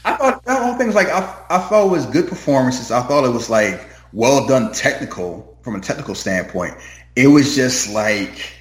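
A man's voice: mid-range voice, sing-song, moderate pace. A man in casual chat about a movie, rambling and opinionated with lots of fillers. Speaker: movie podcast co-host. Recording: roomy echo.

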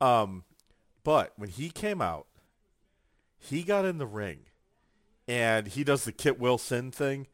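A man chatting casually on a podcast, his pitch swooping up and down as he acts out quotes from his stories. The sound is dry and close, with no room echo. His storytelling is lively and vivid. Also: takes it slowly, pauses often. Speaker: podcast co-host. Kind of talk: casual chat.

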